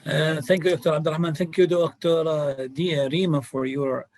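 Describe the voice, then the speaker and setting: Man, academic lecturer, higher voice, dry close sound, checks in with "okay?". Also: steady tone, normal speed, a little mellow, no room sound. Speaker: guest lecturer. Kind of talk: academic talk and answers over a video call. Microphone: video call.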